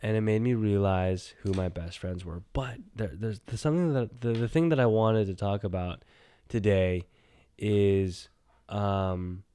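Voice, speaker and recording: A man hosting a solo podcast, rambling and animated, talking to himself and swinging from loud bursts to quiet mumbles. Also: lowish voice, a little slow, smooth, no room sound. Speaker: podcast host.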